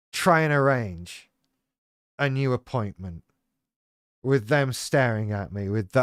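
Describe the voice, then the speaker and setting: A man's voice: medium pitch, animated, a little slow, pauses often, fairly bright tone, smooth, dry recording. Swearing man, dry sound. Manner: rambling, self-deprecating storytelling with frequent swearing. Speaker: channel host talking about living with BPD. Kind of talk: casual personal monologue.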